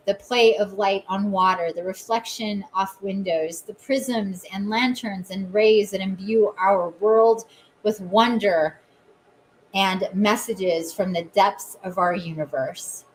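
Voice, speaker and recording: A woman hosts a spiritual podcast, giving an oracle reading and guided meditation. She talks slowly and lingers over repeated, incantatory phrases. Between passages she lets her emotion show and laughs at herself, keeping an ordinary middle pitch throughout. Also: fairly even intonation, a little hiss or hum, poor audio. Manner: openly emotional, self-mocking asides. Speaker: podcast host and oracle reader.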